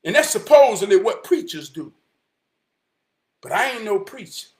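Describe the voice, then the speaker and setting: A man telling a coaching story and preaching about God, dropping to a hush for some lines, shouting and singing others, in casual Southern slang. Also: high voice, very animated, normal speed. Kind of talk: spirited inspirational talk, preaching and singing.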